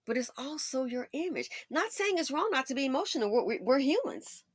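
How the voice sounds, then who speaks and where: A woman's voice: high-pitched, big pitch swings, brisk, no echo, clean studio sound. A woman giving sassy, emphatic, opinionated celebrity commentary. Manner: sassy, emphatic, mocking asides. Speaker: commentary channel host.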